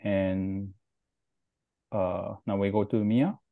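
A man, the film's writer-director, talking politely and haltingly on a video call. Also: lowish voice, fairly even intonation, creaky, no room sound, phone-quality sound. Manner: polite, halting, many fillers. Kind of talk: casual video call chat.

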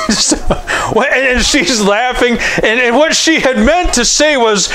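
Male pastor with a higher-pitched voice, preaching in a loose, joking style with frequent restarts. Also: a little slow, pushed and bright. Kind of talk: conversational sermon.

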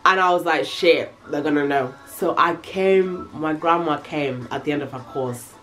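A young woman telling a casual, slangy storytime, animated and full of swearing. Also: low voice, moderate pace, soft background music. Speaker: vlogger.

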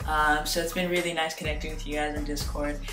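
A young woman hosting a reaction video, chatting excitedly and gushing over what she watches. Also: sits low, fast talker, recorded from a distance. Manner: gushing, exclaims often, chatty asides. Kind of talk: excited casual reaction chat. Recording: echoey room, voice off-mic, loud music. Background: music from the video.

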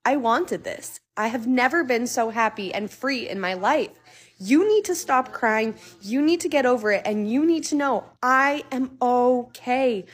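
A calm reassuring man in a dream, as a woman quotes him. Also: mid-range voice, normal speed, few pauses, natural voice.

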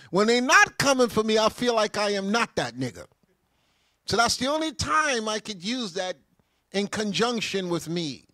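A man with a somewhat high, very lively voice, speaking as a deacon who answers viewer comments on a livestream. He talks emphatically and turns fervent when a point stirs him. The sound is dry and close, with no room echo. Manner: emphatic, rising to fervent bursts when stirred. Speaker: deacon answering live chat.

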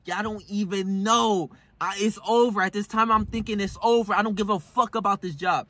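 A man's voice: high voice, steady tone, normal speed, pushed and bright, no room sound. A young man vlogging a personal story in casual, profane street slang, shifting between heated and subdued. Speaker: self-help vlogger.

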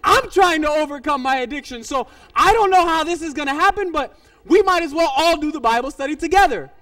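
Exasperated excitable woman as a high-voiced male preacher puts her on, distant mic. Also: quick pace. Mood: flustered. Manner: exasperated, raised and emphatic. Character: frustrated excitable American woman, grown.

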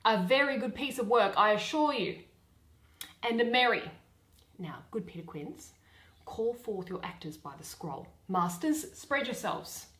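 A showy, boastful weaver bellows and swoops through his lines with lively pitch, as a woman puts him on. He overplays every phrase in a slow, grand manner, in a room with some echo. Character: boastful eager male weaver, loud and showy.

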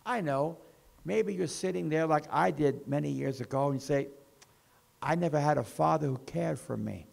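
A man preaching a sermon as pastor, with slow emphasis that rises and falls. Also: a little high, creaky.

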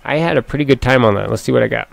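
A man giving casual, excitable commentary while playing a racing game, talking to himself and the game and sniffling from allergies. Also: mid-range voice, racing, vocal fry, no echo. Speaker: gameplay commentator. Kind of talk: casual let's play commentary. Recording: game music playing behind.

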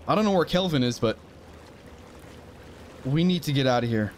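A man's voice: mid-range voice, lively intonation, normal speed, slight background noise. A man commentating a survival horror game as he plays, often startled and talking to himself. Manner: jumpy, frightened exclamations and muttering to himself. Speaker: gaming channel host. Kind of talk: let's play commentary.

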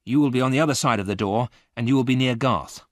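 A man's voice: medium pitch, fast, dry recording, studio quality, voice pushed up, close to an everyday voice. A man reading aloud, voicing an earnest male safecracker who explains a heist plan step by step. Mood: instructive.

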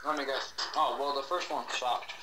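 A man's voice: mid-range voice, fairly even intonation, moderate pace, noisy background. A young man from Canada in a casual chat, crude and joking.

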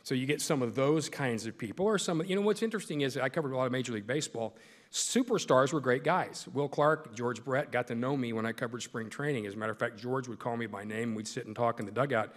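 A man's voice: mid-range voice, fast. A middle-aged male sportscaster giving a folksy, joking speech to a club in a large meeting hall. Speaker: sportscaster and guest speaker. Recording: echoey hall with long reverb.

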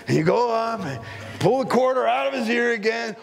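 A man's voice: very high-pitched, expressive, fairly quick, vocal fry, long reverb tail. A man who is a pastor preaching a sermon in a church sanctuary, telling stories and acting out little scenes as he goes.

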